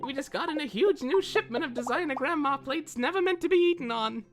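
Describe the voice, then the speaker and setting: A woman's voice: high-pitched, animated, a little fast, music in the background, voice pushed up. A woman voicing a grandmotherly old shopkeeper who runs an antique store and talks in folksy, sassy patter full of pet names. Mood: salesy.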